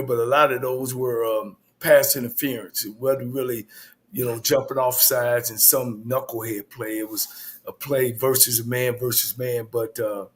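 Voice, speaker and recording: A man who is a coach and co-host talks through a football game in a relaxed, rambling way. He leans on "you know" and "uh" between thoughts. His voice is at a middle pitch. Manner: loose, full of "you know" and "uh". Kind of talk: casual sports analysis.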